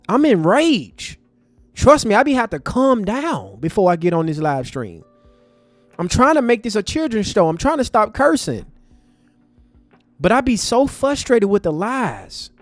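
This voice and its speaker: Male livestream host, high voice, impassioned and preachy, faint music bed. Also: dry recording. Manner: impassioned, preachy, talks to chat as family. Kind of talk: livestream commentary.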